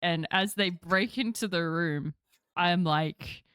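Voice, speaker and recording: Smooth-voiced woman playing a roleplay. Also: fairly low pitch, slow, fairly bright tone, no echo, studio quality. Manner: loose, swearing, laughing, talks in bursts. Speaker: roleplay player. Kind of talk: casual in-character roleplay chat.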